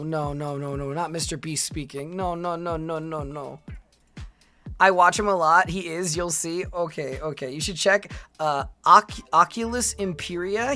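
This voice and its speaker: A woman's voice: low voice, sharp tone. A young woman streaming casually, reading her chat aloud and reacting with chatty restarts.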